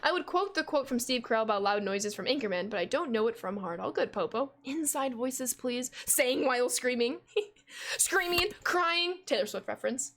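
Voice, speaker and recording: A young American woman in her twenties chats loudly on a gaming livestream, her voice sitting a little high for a woman. She talks freely and laughs easily while she reads her viewers' messages aloud. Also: expressive, fast talker, hardly any pauses. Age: 20s. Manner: loud, chatty, reads chat aloud and laughs. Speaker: gaming streamer. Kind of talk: casual livestream chat while playing.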